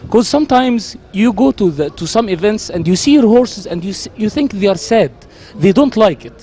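A man's voice: high voice, expressive, dark tone. An Egyptian man with an Egyptian Arabic accent, hosting a playful field interview outdoors at a horse race. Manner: rapid, playful, jokes with his assistant. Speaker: TV host.

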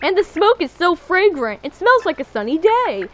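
Very high, excitable woman gamer. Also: normal speed, slight background noise. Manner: excitable, squealing reactions. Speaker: gamer playing a video game. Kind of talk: let's play commentary.

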